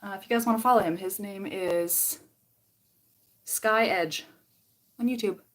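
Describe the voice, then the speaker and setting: A woman's voice: medium pitch, unhurried. A young woman with a Canadian accent chatting casually on a livestream while curling her hair, reading out comments and rambling between steps. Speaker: beauty vlogger.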